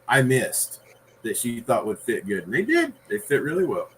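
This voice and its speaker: A man, a guest author, chatting on a podcast in an unhurried, rambling way with many fillers. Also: mid-range voice, wildly swooping pitch, fairly bright tone, a little hiss or hum, poor audio. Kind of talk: casual podcast conversation.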